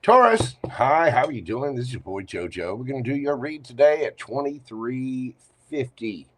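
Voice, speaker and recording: A man's voice: mid-range voice, normal speed, darkish tone, a little hiss or hum. A man reading tarot cards live for viewers in a chatty, playful manner with teasing asides. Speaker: tarot reader.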